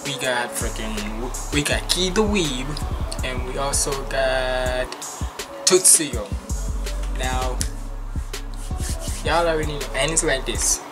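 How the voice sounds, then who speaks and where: A man's voice: mid-range voice, slow, long pauses, over music. Rambling, slangy man hosting reactions. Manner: rambling, loose and slangy, with restarts. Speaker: reaction channel host. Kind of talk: casual reaction commentary.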